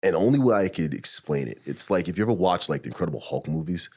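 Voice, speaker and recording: A middle-aged man tells a personal story on a podcast in a very low, husky voice. He talks fast and swears often, and he acts out his own thoughts as quoted lines. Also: animated, darkish tone. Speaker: podcast guest, retired SWAT officer. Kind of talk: candid storytelling in a podcast interview.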